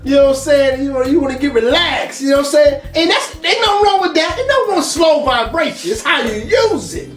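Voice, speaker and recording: A man co-hosting a podcast in casual chat, animated, scatting rhythms and laughing often. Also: very high voice, fast talker, hardly any pauses. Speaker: podcast co-host. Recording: roomy, far from mic, faint music.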